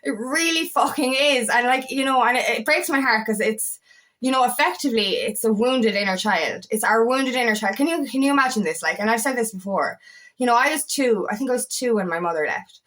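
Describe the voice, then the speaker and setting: A woman coach speaks in a raw, emotional personal vlog, earnest and candid, cursing freely. Her voice sits fairly high, and she often circles back over her words as she talks. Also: fairly quick, fairly bright tone. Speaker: feminine empowerment coach.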